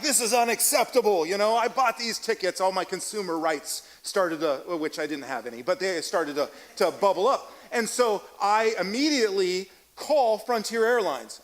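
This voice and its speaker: A middle-aged man preaches to a church congregation in a loose, storytelling sermon. His voice sits high for a man, and he talks in a chatty, self-deprecating way, often restarting sentences and acting out both sides of a conversation. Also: poor audio. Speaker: pastor. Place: church sanctuary.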